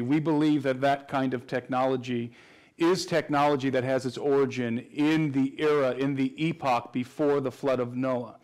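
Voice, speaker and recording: Male interview guest, mid-pitch, flat and earnest, talks in long explanations with restarts. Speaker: guest researcher. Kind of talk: interview answers.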